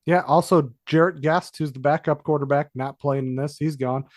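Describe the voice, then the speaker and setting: Higher-pitched man chatting sports picks. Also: steady tone, normal speed, darkish tone, no room sound, studio quality. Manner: rambling, self-correcting, frequent fillers. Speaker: podcast co-host. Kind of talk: casual sports betting chat.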